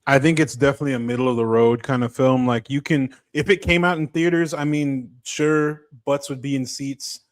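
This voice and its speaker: A man's voice: mid-range voice, fairly even intonation, a little fast, hardly any pauses. A man co-hosting a podcast, giving a laid-back, joking film review with casual swearing. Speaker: podcast co-host.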